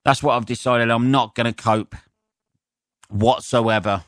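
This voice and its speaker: A man's voice: mid-range voice, steady tone, unhurried, fairly bright tone, no echo, clean studio sound. A man, a comedian hosting his own podcast, rambling sarcastically and swearing freely while stuffed up with a cold. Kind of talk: solo podcast monologue.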